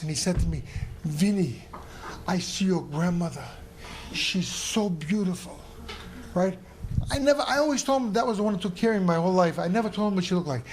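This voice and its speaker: Emotional high-voiced man telling a story. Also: darkish tone, slight background noise. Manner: emotional, rambling, repeats himself. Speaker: guest storyteller, former boxer. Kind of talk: live podcast storytelling. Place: live comedy club stage.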